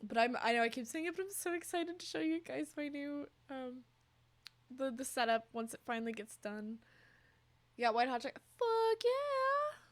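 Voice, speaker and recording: A woman's voice: sits high, a little fast. A young woman streaming, chatting casually with her viewers and cooing over her cat. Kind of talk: casual chat with chat.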